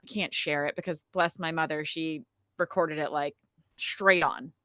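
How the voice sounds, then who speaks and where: A woman with a bright, clear voice tells a personal story in a relaxed podcast chat. She is animated and talkative and fills her sentences with "like" and "um". The sound is close and dry. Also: sits low, moderate pace, no echo. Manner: chatty, frequent "like" and "um" fillers, animated retelling. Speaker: podcast guest telling her birth story. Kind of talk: casual conversational storytelling.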